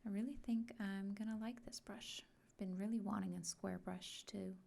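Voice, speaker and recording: A woman giving a soft-spoken unboxing vlog, often sliding into a whisper and talking slowly and gently. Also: medium pitch, fairly even intonation, creaky. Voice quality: frequently whispered. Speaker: art vlogger.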